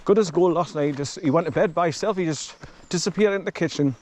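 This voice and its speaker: While walking his dog along a forest track, a man records himself on a camera he carries, chatting casually, rambling, and chuckling often. His voice is a little high, fast and darkish in tone.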